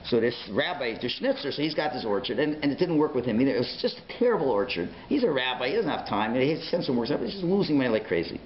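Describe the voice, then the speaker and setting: A man, a rabbi, giving a Torah class as a lively storyteller who acts out the dialogue in his stories. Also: fast, few pauses, a little hiss or hum. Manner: storytelling, acts out dialogue with big pitch swings. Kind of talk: animated Torah lecture. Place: synagogue learning centre classroom. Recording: roomy, slightly dull lecture recording.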